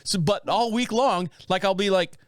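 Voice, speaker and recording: A man in his fifties, co-hosting a casual home-studio chat and telling rambling, animated stories with frequent laughs. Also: high-pitched, moderate pace, no room sound. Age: 50s. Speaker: podcast co-host.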